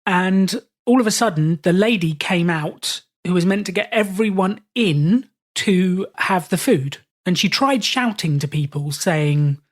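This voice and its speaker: A British man, a podcast host, telling stories in a relaxed interview and acting out the voices of people he quotes. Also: high voice, a little slow, few pauses. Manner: animated, acts out quoted voices. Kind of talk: storytelling in casual conversation.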